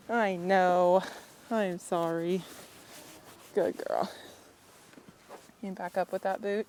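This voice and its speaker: A woman vlogging outdoors at a windy horse pen, talking gently and chattily to her horse and laughing often. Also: mid-range voice, takes it slowly, long pauses. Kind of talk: casual vlog narration while tending a horse.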